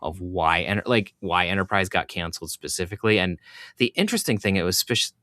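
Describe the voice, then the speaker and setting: Low-voiced man, rambling casual recap. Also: lively intonation, brisk, bright, forceful tone, no room sound. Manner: rambling, filler-heavy recaps. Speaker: podcast co-host. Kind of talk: casual chat.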